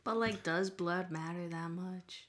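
A woman's voice: fairly low pitch, steady tone, a little slow, a bit bright, slight background noise. A woman co-hosting a podcast in casual chat, asking wry, teasing questions. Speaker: podcast co-host.

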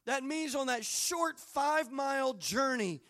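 A man preaching a sermon as pastor, telling folksy, joking stories that build into fervent, shouted exhortation. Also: very high-pitched, lively intonation, unhurried. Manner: folksy, humorous asides.

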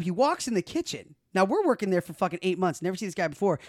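A young man chats on a podcast with a lot of rise and fall in his voice and a quick pace. He tells profane, animated stories and slips into voices for the people in them. The sound is dry and close. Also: sits high, no room sound. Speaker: podcast co-host. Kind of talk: casual podcast storytelling.

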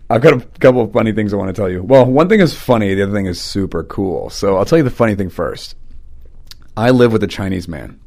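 Lower-voiced man telling podcast stories. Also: animated, quick pace, vocal fry, a little mellow. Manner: chatty storytelling, loose and rambling. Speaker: podcast host; teacher and preacher. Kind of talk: casual podcast chat.

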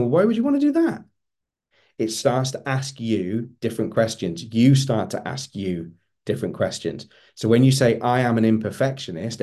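A middle-aged man speaks as a coach in a motivational talk, earnest and emphatic, often repeating words to drive a point home. His voice sits a little low, with a warm, mellow tone.

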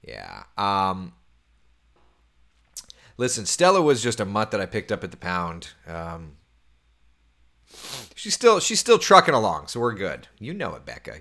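A man in his thirties hosting a casual morning chat, reading viewer comments and talking about his week, who laughs easily and sometimes drops to a near-whisper. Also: fairly low pitch. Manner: chatty and animated, laughs often, drops to a hushed near-whisper at times. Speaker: host.

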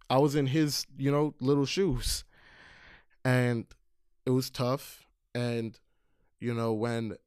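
A man's voice: medium pitch, clear, resonant tone, no room sound, studio quality. Earnest man telling a personal story. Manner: earnest, with many fillers and restarts. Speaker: storyteller recalling camp counseling.

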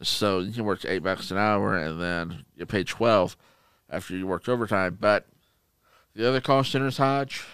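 Gravelly, animated male storyteller. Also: fairly low pitch, measured pace, no echo. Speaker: podcast co-host. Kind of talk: casual chat.

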